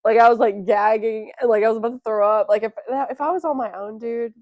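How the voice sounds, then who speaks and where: A woman's voice: fairly high pitch, a little fast, no echo. Profane young woman telling a story. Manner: profane, animated storyteller acting out quotes. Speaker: podcast co-host. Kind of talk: casual storytelling chat.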